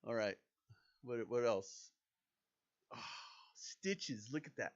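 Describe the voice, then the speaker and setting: A man chatting casually over a video game, excitable and self-deprecating. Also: mid-range voice, slow, muffled recording. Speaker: gaming YouTuber. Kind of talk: casual gameplay commentary.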